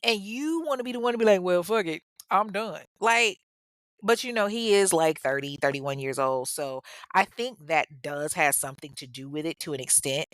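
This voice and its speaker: A woman's voice: lowish voice, a bit bright, no room sound. A woman podcast host telling a true-crime story in a casual, candid way, with profane, chatty asides to her listeners.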